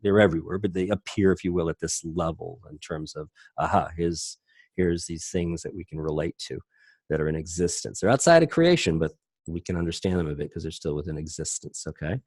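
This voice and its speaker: A man's voice: low voice, brisk, a little mellow, husky, no echo. A middle-aged man teaching an online class from home, in a loose, rambling way that often stops to correct himself. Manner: loose, rambling, self-interrupting. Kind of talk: casual online class lecture. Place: home, at a computer.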